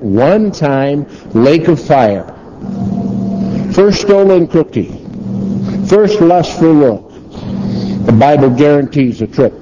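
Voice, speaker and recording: A man preaching with a slightly raised voice, hammering his points home with rhetorical questions. The sound is dull and lo-fi, with steady noise underneath. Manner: emphatic, rhetorical questions, swings between low and high. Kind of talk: sermon.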